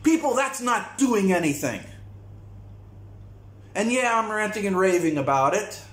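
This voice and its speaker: A man's voice: high-pitched, animated, a little slow, a bit bright. Blunt, profane man in an echoey room. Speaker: vlogger. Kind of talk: monologue rant to camera.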